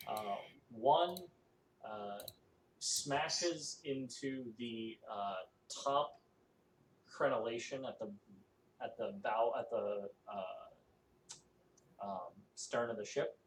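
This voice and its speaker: A man narrating a tabletop game as game master, halting and full of fillers. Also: mid-range voice. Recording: echoey room, faint noise.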